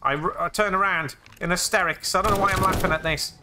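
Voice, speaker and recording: A young man playing a zombie game, excitable and jokey, narrating his actions with "I said". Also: high-pitched, quick pace, very noisy. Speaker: gaming YouTuber.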